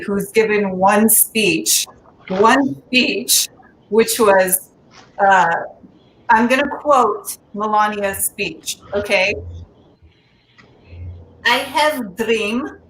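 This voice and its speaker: A woman comedian works through a stand-up set at a slow, unhurried pace, chuckling at her own material. Her voice sits at a middling pitch and rings in an echoey room with a faint hum of ambience behind it. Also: fairly bright tone. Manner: slow, casual delivery, laughs at own jokes.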